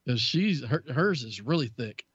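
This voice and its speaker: A man's voice: mid-range voice, expressive, moderate pace, breathy edge, no room sound, muffled recording. A middle-aged man from Texas with a thick Southern accent, co-hosting a tech podcast and joking at his own expense. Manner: self-deprecating joker. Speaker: tech show co-host. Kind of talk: casual podcast chat.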